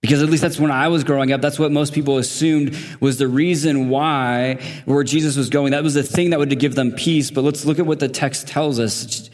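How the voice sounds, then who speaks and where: A man's voice: a little high, fairly even intonation, normal speed, hardly any pauses, a little mellow, big-room sound. A man preaching as a guest at a church service, conversational, with laughing asides and questions to the congregation. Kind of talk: sermon. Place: church sanctuary.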